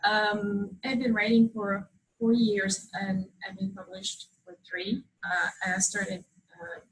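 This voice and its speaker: A woman's voice: medium pitch, flat delivery, rough recording. A French woman, a native French speaker with a strong French accent, giving a hesitant but wry talk to an audience as an author. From France. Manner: hesitant, many pauses, wry humor. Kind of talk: informal speech to an audience. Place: event hall with live audience.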